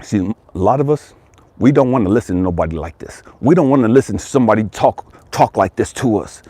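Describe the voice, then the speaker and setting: Husky, fired-up motivational man. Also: fairly low pitch, animated, brisk, no room sound. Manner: profane, emphatic, repeats phrases, swings from loud to hushed. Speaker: life coach and motivational speaker. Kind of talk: impassioned motivational monologue.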